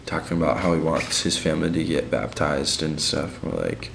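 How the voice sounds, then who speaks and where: A man's voice: rumbling low, animated, a little fast, vocal fry, a bit bright, reverberant, slight background noise. A young man on a mission, telling his week in a casual, slangy video diary. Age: young adult. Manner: laid-back and slangy, many fillers.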